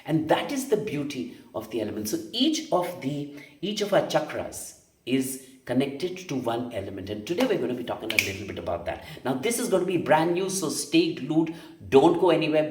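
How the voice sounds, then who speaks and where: Heard from a distance in a roomy space, this man's mid-range voice has a slightly mellow quality. He leads a meditation lesson on energy healing, pressing his points emphatically, repeating himself, and posing rhetorical questions.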